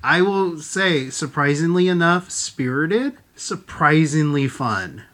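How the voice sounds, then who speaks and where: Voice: mid-range voice, expressive, slow pace, a bit bright. A podcast host in casual chat, talking hesitantly with many fillers.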